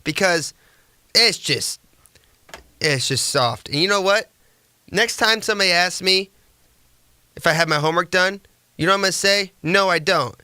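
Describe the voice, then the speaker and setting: Sarcastic male podcast host, bright, tense tone, dry close sound. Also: high voice, moderate pace, long pauses, smooth, dry recording. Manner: sarcastic, mocking, rambling. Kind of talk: casual sports commentary.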